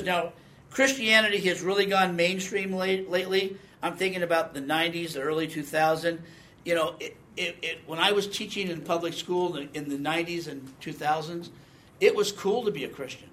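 A man's voice: fairly high pitch, brisk, bright, forceful tone. A man in his sixties giving a conversational Bible teaching, quizzing the class and reading scripture with emphasis. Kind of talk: teaching sermon with audience questions.

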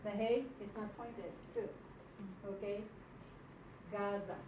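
A woman teaching a Hebrew class in a classroom, slow and patient, often checking that her students follow. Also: medium pitch, level tone. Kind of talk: classroom lecture. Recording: echoey room from far off, faint noise.

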